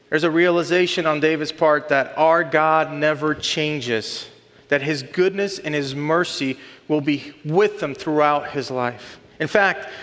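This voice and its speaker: A man's voice: on the high side, a bit bright. A man in his thirties or forties preaching a sermon, earnest and building to emphatic lists. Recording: long hall reverb.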